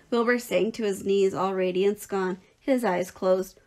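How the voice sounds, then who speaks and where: A woman teacher reading a children's novel aloud in a clear, expressive storytelling voice. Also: medium pitch, unhurried.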